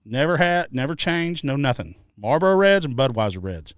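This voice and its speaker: A man co-hosting a podcast, telling stories in casual chat, animated and profane, shouting out the lines he quotes. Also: medium pitch, moderate pace, no room sound, studio quality. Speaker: podcast co-host. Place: treehouse hangout.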